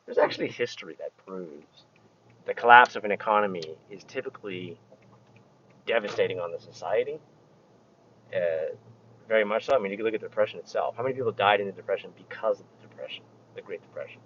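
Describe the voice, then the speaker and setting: A man vlogging while he drives his truck, rambling in halting, restarting phrases with a sarcastic edge. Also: lowish voice, a bit bright, highs cut off, a little hiss or hum. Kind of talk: casual opinion vlog. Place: inside a truck while driving.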